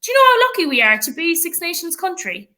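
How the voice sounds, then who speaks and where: A woman with an Irish accent, chatting as a podcast guest in an animated way, with many fillers and frequent laughs. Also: very high voice, fast talker. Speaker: podcast guest, rugby player and coach. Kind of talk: casual chat.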